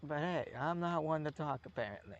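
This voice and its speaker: Gravelly man rambling over a game. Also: on the high side, lively intonation, a little fast, lo-fi sound. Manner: rambling, musing, self-mocking. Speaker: game streamer. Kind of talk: casual gameplay chat.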